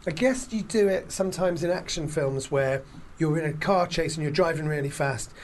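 A man hosting a casual podcast chat, retelling film scenes in a rambling, animated way with lots of fillers. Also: fairly high pitch, normal speed, a little hiss or hum. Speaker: podcast host.

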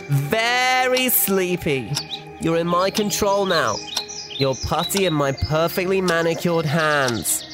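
A man's voice: on the high side, voice pushed up, natural voice. A man playing a smug, money-grabbing male influencer who hosts a fake meditation with a mock-soothing voice. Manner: mock soothing, then fake cheerful outbursts. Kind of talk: parody video vlog in a sketch.

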